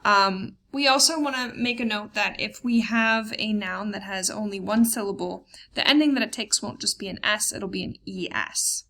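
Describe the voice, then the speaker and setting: A woman teaching a recorded German grammar lesson over slides, explaining plainly with lots of ums and uhs, slowing down for example words. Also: medium pitch, sharp tone. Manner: plain explanatory tone with frequent fillers.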